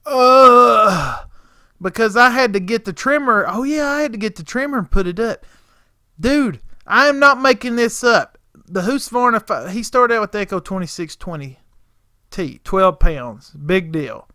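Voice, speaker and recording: Animated man telling a story. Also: sits high, clear, resonant tone, no room sound, studio quality. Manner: animated, folksy storyteller, acts out both sides of dialogue. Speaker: lawn care business owner, channel host. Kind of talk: casual storytelling to camera.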